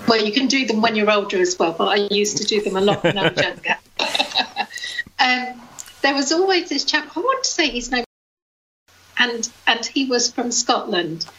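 A woman co-hosting a chat podcast, with a voice sitting a little on the high side. She chats easily, tells stories and laughs often as she talks. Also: normal speed, fairly bright tone, a little hiss or hum, rough recording. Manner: chatty, anecdotal, laughs easily. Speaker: podcast co-host. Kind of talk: casual chat.

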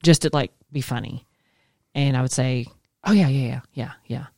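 A woman's voice: a bass voice, normal speed, vocal fry, dark tone, dry recording, clean studio sound. A woman in her forties, a schoolteacher co-hosting a casual chat show, chatty and laughing, swearing casually. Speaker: co-host, schoolteacher.

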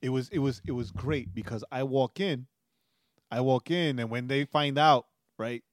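Young guy from puerto rico, keeps laughing while he tells a story, mid-pitched voice, dead dry sound. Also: moderate pace, dry recording. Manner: animated storyteller, laughs often. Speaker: podcast co-host. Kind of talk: casual chat.

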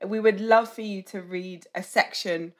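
A woman's voice: medium pitch, fairly even intonation, moderate pace. A woman in her twenties hosting an interview, chatty and casual with many "like"s and restarts. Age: 20s. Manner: chatty, lots of likes and restarts. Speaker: host.

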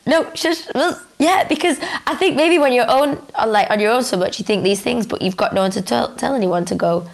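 A woman's voice: on the high side, fairly quick, gravelly. A woman co-hosting a podcast, chatting casually and giggling a lot while reading out listener letters. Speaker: podcast co-host. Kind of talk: casual chat.

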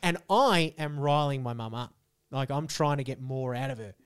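A man's voice: mid-range voice, moderate pace, smooth. A young Australian man telling a rambling, sweary comic story as a podcast co-host. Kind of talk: casual comedic chat.

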